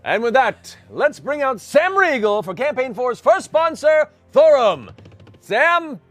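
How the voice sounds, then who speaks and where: Man, host, comedic announcements, high voice, very swooping pitch, faint music. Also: very animated, slow pace, fairly bright tone. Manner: playful, showman-like.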